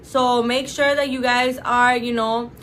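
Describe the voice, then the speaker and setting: A woman's voice: on the high side, level tone, a little slow, fairly bright tone, a little hiss or hum. A woman from a clinic talking casually and emphatically to viewers, full of fillers and "you guys.". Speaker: clinic representative. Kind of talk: casual promotional talk to camera.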